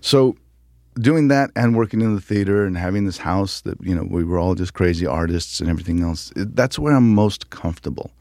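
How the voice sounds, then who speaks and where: A man from the United States, an actor guest telling stories in an interview, animated and laughing, often acting out quotes. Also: deep voice, brisk, no echo, clean studio sound. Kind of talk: casual interview storytelling.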